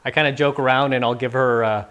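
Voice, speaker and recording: A man's voice: medium pitch, fairly even intonation, fast, fairly bright tone, clean tone. A man giving casual, playful dating advice, now and then acting out quoted lines. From San Francisco. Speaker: dating coach. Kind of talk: casual instructional talk.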